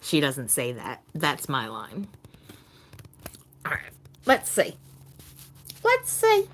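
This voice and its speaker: A middle-aged woman hosting a casual live chat with her viewers, talking in a halting way and repeating words as she gets emotional. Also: very deep voice, lively intonation, a bit bright, slight background noise. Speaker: livestream host.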